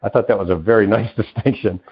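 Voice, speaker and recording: A man, a podcast guest and success coach, telling stories in an animated, loose way and acting out the people he quotes. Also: fairly low pitch, fast, breathy edge, narrow, tinny audio. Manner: loose, with many "you know" fillers. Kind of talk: conversational interview storytelling.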